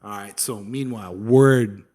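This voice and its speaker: A man's voice: fairly low pitch, a little slow, darkish tone. Young man telling history, slangy. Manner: slangy and profane, says "dude" often, acts out quotes. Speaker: podcast co-host. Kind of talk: casual history storytelling.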